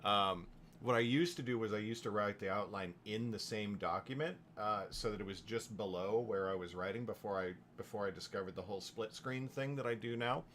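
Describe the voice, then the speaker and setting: A man talking casually while streaming his writing session, rambling with restarts and quick asides. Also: fairly low pitch, fairly bright tone, a little hiss or hum. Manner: rambling, with frequent restarts and chuckles. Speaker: novelist livestreaming his writing. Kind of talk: casual livestream chat.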